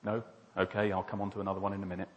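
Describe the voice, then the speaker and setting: A man's voice: low voice, completely flat delivery, rapid-fire, dull audio. Male preacher, casual sermon delivery, reverberant church hall.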